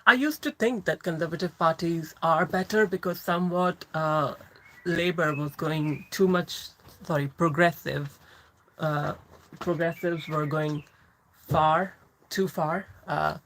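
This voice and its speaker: Low-voiced woman chatting on a livestream. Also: a little slow, fairly bright tone, slight background noise, poor audio. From England. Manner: chatty, laughs often, answers viewers directly. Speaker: livestream host. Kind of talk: casual livestream chat reading comments.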